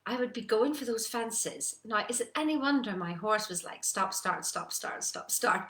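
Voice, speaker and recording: A woman giving a casual motivational talk, animated and acting out her own doubts. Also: fairly high pitch. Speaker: personal development coach. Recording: echoey room.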